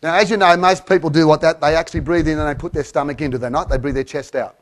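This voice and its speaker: A man giving a live keynote to an audience, guiding them through a breathing exercise with lively coaxing and counted breaths, a bit out of breath. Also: on the high side, fast, few pauses. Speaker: keynote speaker.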